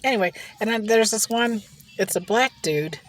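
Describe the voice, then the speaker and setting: A woman's voice: fairly high pitch, normal speed, soft background music. A woman vlogging while she eats, telling rambling gossipy stories in casual chat from inside a car. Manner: chatty gossipy storytelling, frequent laughs. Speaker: mukbang vlogger.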